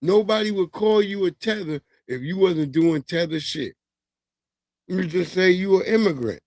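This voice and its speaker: A man's voice: high-pitched, normal speed, darkish tone, dry recording. Profane, laughing male livestream host. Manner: loose, profane, laughing, slangy storytelling. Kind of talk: casual commentary monologue.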